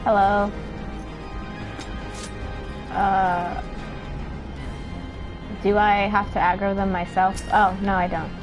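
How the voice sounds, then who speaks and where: A woman streamer giving excitable, swearing, laughing live commentary while she plays. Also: mid-range voice, takes it slowly, pauses often, low-quality recording. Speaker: game streamer. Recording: game music loud behind voice.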